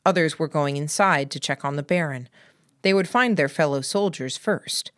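Woman audiobook narrator, low and slow, dry close sound. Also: no room sound. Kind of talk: scripted narration.

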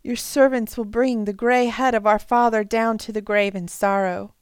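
A woman's voice: on the high side, fairly even intonation, moderate pace, clean tone, no echo, studio quality, close to an everyday voice. A woman doing a desperate pleading brother. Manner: earnest, urgent pleading. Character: pleading grown male brother, desperate and humble.

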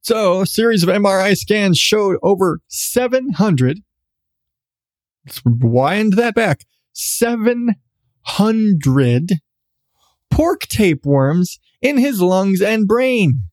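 A man's voice: sits high, lively intonation, slow, no room sound, studio quality. Sarcastic, profane podcast host man. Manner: profane, sarcastic ranting with laughs. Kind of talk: solo podcast commentary.

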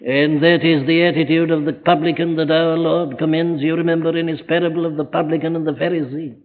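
A man's voice: on the high side, level tone, fairly quick, phone-quality sound. A man preaching a sermon in a chapel, pressing his listeners with urgent rhetorical questions. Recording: thin archive sermon recording with long chapel reverb.

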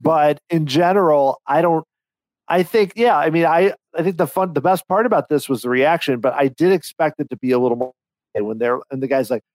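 A man co-hosting a podcast, chatting casually in an animated, rambling way with frequent restarts. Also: fairly high pitch, a little fast, no echo, poor audio. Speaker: podcast co-host. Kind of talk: casual chat.

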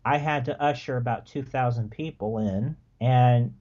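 Man, podcast guest, mellow dark voice, relaxed rambling storytelling, slightly muffled recording. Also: medium pitch, normal speed. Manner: relaxed, rambling, frequent restarts. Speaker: podcast guest, former theme park worker. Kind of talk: casual storytelling.

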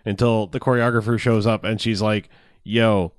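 A man's voice: fairly low pitch, flat delivery, brisk, clear, resonant tone, dry recording, studio quality. Rambling, laughing man recapping a movie. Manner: rambling, profane, laughs often, acts out quotes. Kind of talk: casual movie recap chat.

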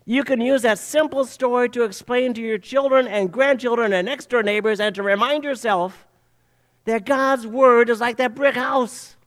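High-voiced older man preaching a sermon. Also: moderate pace. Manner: animated storytelling preacher. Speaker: pastor.

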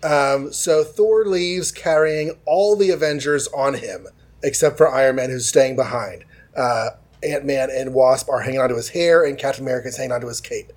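A man casually retelling a comic book plot, tossing in quick voices for the characters. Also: medium pitch. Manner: loose, chatty retelling with quick dialogue voices. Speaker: podcast host.

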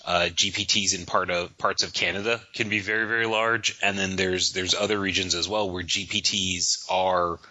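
A man co-hosting a podcast, giving advice in a halting way and often repeating his words. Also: deep voice, steady tone, bright, forceful tone, no echo, highs cut off. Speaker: podcast co-host. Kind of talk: casual panel chat.

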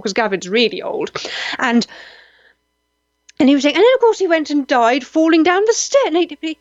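A Maltese woman with a high-sitting voice hosts a live radio show, chatting animatedly about listeners' comments and joking her way through anecdotes. She gushes with exclamations and pokes fun at herself. The recording is lo-fi with no room sound.

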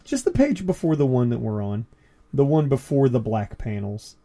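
A man's voice: medium pitch, big pitch swings, moderate pace, noisy background. A man co-hosting a casual podcast, describing comic panels in a rambling, laid-back way and laughing often. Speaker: podcast co-host. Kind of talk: casual chat about comics.

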